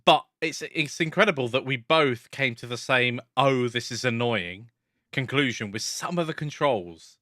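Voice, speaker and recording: A man's voice: mid-range voice, normal speed, sharp tone, no room sound, studio quality. A man co-hosting a casual chat about game design, joking and restarting his sentences often. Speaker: co-host.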